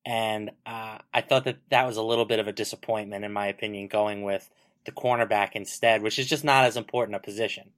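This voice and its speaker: A man co-hosting a sports betting podcast, giving relaxed analysis with lots of fillers. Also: fairly low pitch, fairly quick. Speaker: podcast co-host. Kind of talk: casual sports betting chat.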